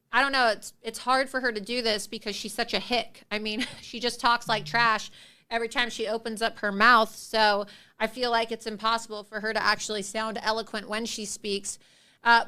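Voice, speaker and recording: A woman's voice: on the high side, bright, forceful tone, clear, resonant tone. A woman hosting a livestream of political commentary, speaking in a combative, sarcastic and scornful way. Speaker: host.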